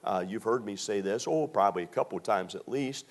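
A middle-aged man from Maryland preaching a sermon, telling stories with slow, drawn-out emphasis and many fillers. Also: fairly low pitch. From Maryland, USA.

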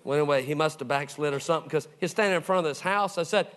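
A middle-aged man preaching with a somewhat high voice. He tells his stories with animation, playing out each voice and sinking into soft, low tones when the story turns tender. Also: racing. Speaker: pastor. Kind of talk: sermon storytelling.

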